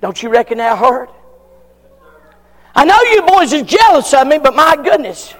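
A man preaching a folksy sermon that climbs to shouted peaks. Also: very high-pitched, sing-song, moderate pace, pauses often, in a large hall.

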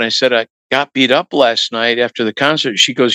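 A middle-aged male musician telling anecdotes in a relaxed interview, acting out what others said to him. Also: mid-range voice, a little fast, clean tone, no room sound, poor audio. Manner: relaxed anecdotal, acts out quoted voices. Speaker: guest musician. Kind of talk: storytelling interview talk.

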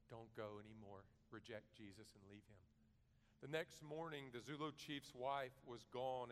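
A man preaching a sermon, earnest and measured, rising to loud emphasis and then dropping to a soft, quiet delivery. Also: medium pitch, long reverb tail. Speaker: pastor.

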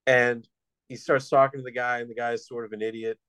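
A man's voice: mid-range voice, little pitch movement, fast, fairly bright tone, smooth, no echo. A man hosting a casual film-review chat, blunt and sardonic, with some swearing. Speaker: podcast host, film reviewer.

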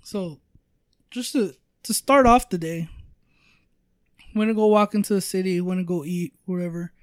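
A man's voice: high voice, normal speed, clear, resonant tone, no echo, studio quality. Rambling, profane young-sounding man. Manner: rambling, profane, filler-heavy storytelling. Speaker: storyteller guest. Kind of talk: casual podcast chat.

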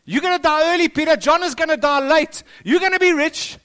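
South African male pastor, high-pitched, emphatic sermon delivery with repeated phrases. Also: fairly quick, sharp tone. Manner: emphatic, rising and dropping for stress, repeats phrases. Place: school hall.

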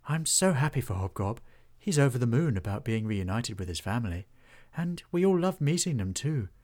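Storybook tree woman, gentle and sighing, slightly raised pitch, played by a male narrator. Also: big pitch swings, normal speed, close to an everyday voice. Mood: wistful. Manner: soft, hesitant, sighing. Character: gentle wistful female tree creature.

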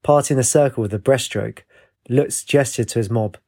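A man narrating a fantasy story with a measured, expressive reading. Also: medium pitch.

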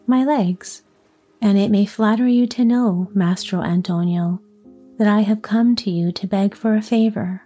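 A dapper little old man with a short fuse , as voiced by a woman talks in a storybook reading. The voice is unhurried and breathy, with a warm, dark tone. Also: medium pitch, soft background music, natural voice. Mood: grumbling. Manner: quick to anger.

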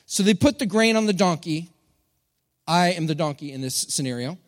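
Middle-aged man, pastor, playful joking sermon, high-pitched, reverberant church hall. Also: expressive, normal speed. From Texas.

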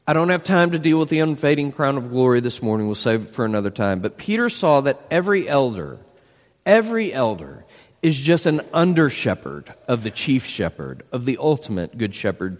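A man preaching with lively, swooping emphasis and a fairly high voice. He leans on rhetorical questions and quick asides. The sound carries a long reverberant tail from a large hall. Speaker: pastor. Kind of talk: sermon.

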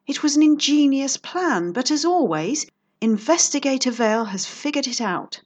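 A woman's voice: high voice, expressive, moderate pace, voice pushed up. A woman voicing a bold female private investigator with a smug, teasing and sultry manner.

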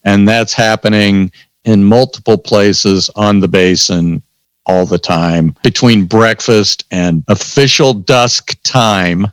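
A man telling stories in a casual chat, animated, acting out both sides of the conversations. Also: on the low side, takes it slowly, smooth, no room sound. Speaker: podcast host telling stories. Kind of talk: casual storytelling.

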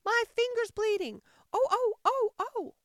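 Muddled, fretful old queen who squeals high; storybook reading, dry and close. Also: sing-song, moderate pace, no room sound. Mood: shrieking. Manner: shrill squeaky screams and fretful wailing. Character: flustered, scatterbrained old White Queen.

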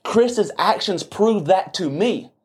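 A man's voice: high voice, expressive, slow, darkish tone, slightly rough. A young adult man co-hosting a podcast, delivering a heated, preachy and profane motivational rant about strength and discipline. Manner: fiery, preachy, blunt and profane. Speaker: podcast co-host.

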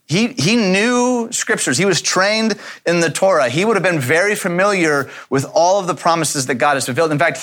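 A man's voice: medium pitch, fairly bright tone. A man preaching a sermon, reading scripture and commenting on it in a conversational way, often repeating words as he thinks aloud. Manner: reads scripture then comments casually. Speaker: pastor.

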